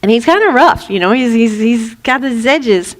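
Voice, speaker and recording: A woman's voice: a little high, moderate pace, in a large hall. A woman, a reverend, giving an informal spiritual talk, telling stories and acting out quotes playfully. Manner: animated storytelling with playful acted-out quotes.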